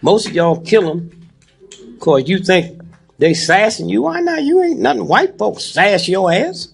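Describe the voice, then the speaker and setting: Gravelly, high-voiced man in his eighties. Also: lively intonation, measured pace. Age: 80s. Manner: keeps prodding the crowd with "huh?" and "hmm?". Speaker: speaker addressing a live audience. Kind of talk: preachy comic talk with a live audience.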